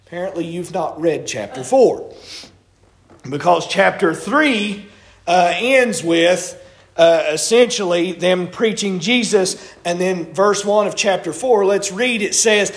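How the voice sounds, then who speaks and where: Man preaching, high tenor, folksy storyteller, roomy church echo. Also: expressive, unhurried. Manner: folksy storytelling, colloquial grammar. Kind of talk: sermon. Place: church sanctuary. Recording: echoey church room.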